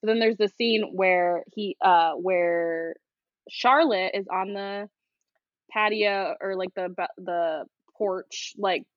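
A woman's voice: medium pitch, steady tone, slow pace, dry recording. Woman, podcast co-host, casual movie recap, sarcastic, dry close sound, slightly muffled.

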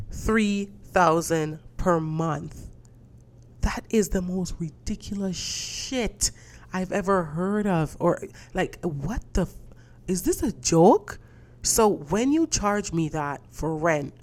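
Young female podcast host, low voice, congested with a cold, animated and profane storyteller. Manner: animated storytelling, swearing, acting out dialogue. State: stuffy from a cold. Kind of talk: casual solo podcast chat.

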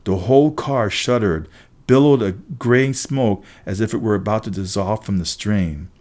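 A man narrating a storybook in a lively, emphatic first-person telling. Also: on the low side, moderate pace. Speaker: audiobook narrator.

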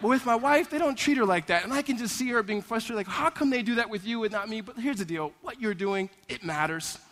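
Man pastor, high-pitched, conversational sermon delivery, long church reverb. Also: fast talker. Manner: animated, conversational storytelling with repeated "right?". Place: church sanctuary.

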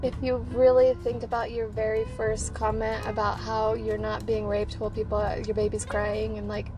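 A woman's voice: fairly high pitch, moderate pace, music in the background, rough recording. A woman co-hosting a podcast, teasing her co-host and animatedly acting out a text exchange. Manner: teasing, animated, quotes texts back and forth. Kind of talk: casual chat.

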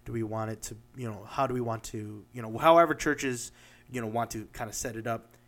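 A man's voice: mid-range voice, steady tone, fairly quick, a bit bright. A man co-hosting a casual podcast chat, talking in a rambling way full of fillers and restarts, explaining his ideas through examples. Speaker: podcast co-host.

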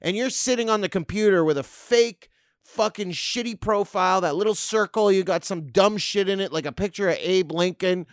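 A man's voice: high-pitched, normal speed, no echo, clean studio sound. Profane, sarcastic man ranting. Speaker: podcast host. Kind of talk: comedic rant monologue.

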